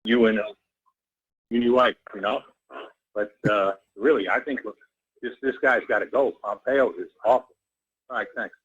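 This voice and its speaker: Man, radio caller, husky voice, blunt agitated rant, muffled phone line. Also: on the low side, normal speed, long pauses, a bit bright. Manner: blunt, agitated, repeats "all right?".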